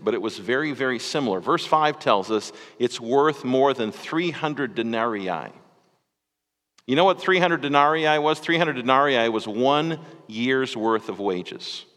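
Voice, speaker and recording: A man preaching in a relaxed, conversational way, stumbling over a word now and then and tossing in asides to his listeners. His mid-pitched voice carries a long reverb from the church hall around him. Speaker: pastor. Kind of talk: sermon.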